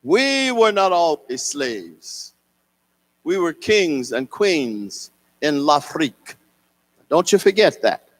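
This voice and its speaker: A man voicing an old grandfather who coaxes a small boy in slow, fatherly phrases. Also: on the high side, sing-song, big-room sound, heavily acted. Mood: earnest. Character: old grandfather, patient and proud storyteller.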